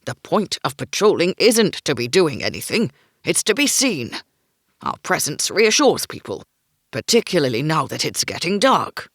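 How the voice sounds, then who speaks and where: A woman voicing a gruff male sergeant who barks curt orders. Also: sits low, big pitch swings, moderate pace, no room sound, clean studio sound, full character voice. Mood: stern. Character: gruff stern male sergeant, duty-bound.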